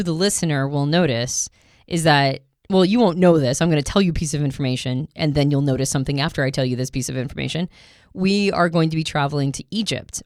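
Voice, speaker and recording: A woman co-hosting a casual podcast, talkative and animated, often laughing as she talks. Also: low-pitched, no echo, studio quality. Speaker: podcast co-host.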